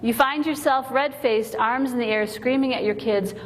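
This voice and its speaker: A woman's voice: a little high, normal speed. A woman giving a humorous, earnest inspirational talk to mothers, telling stories with comic timing. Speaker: Christian women's speaker. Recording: long hall reverb, faint noise.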